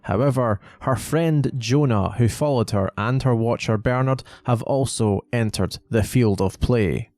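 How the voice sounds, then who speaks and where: A man narrating a lore video in a measured, explanatory way. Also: mid-range voice, darkish tone, no echo. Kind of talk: scripted narration.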